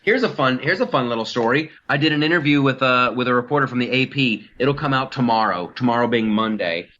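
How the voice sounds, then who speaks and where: A man's voice: mid-range voice, fairly quick, pushed and bright, dull audio. A man hosting a comedy podcast, riffing in a casual, mocking way and mimicking politicians.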